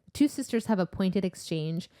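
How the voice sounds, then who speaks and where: A woman's voice: fairly low pitch, expressive, normal speed, dark tone. A young woman co-hosting a casual book-club podcast, retelling the plot in a chatty way with lots of "like". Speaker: podcast co-host.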